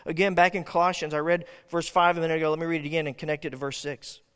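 Pastor guy preaching, kinda high voice, earnest and punchy, church echo behind him. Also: little pitch movement, rapid-fire, a bit bright, clear, resonant tone. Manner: earnest, dynamic preaching with restarts and acted quotes. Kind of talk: sermon.

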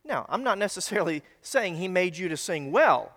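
A man's voice: sits high, big pitch swings, normal speed, fairly bright tone. A man preaching a teaching sermon to a congregation in a conversational, folksy way with little asides. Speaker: pastor. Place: church sanctuary. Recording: long hall reverb.

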